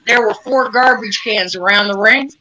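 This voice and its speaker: A woman's voice: medium pitch, moderate pace, pushed and bright, rough recording. A woman guest on a podcast interview, blunt and outspoken in casual chat. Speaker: guest, retired wrestler.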